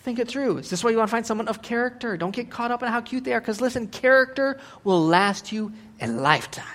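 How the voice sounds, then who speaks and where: A middle-aged pastor with a very high voice preaches a sermon at a quick pace. He is animated and joking, acting out different voices along the way.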